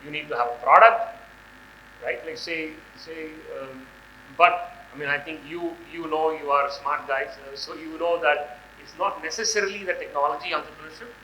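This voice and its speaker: A man, hoarse from a cold, giving a conference talk with many fillers and restarts. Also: on the high side, fairly even intonation, moderate pace, sharp tone, echoey room, a little hiss or hum, low-quality recording. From India. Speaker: guest speaker. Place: large hall on stage.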